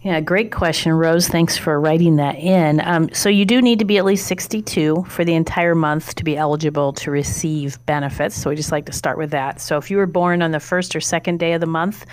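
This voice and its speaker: A female financial advisor answers a listener's question on a radio show. Her voice sits very low for a woman, and her manner is friendly and explanatory. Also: brisk, hardly any pauses, darkish tone, no echo.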